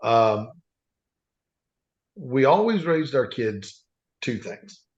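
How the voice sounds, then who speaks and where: A man's voice: medium pitch, sing-song, very slow, a little mellow. A man telling earnest stories as a podcast guest, rambling with frequent restarts. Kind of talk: casual storytelling. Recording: dull lo-fi sound.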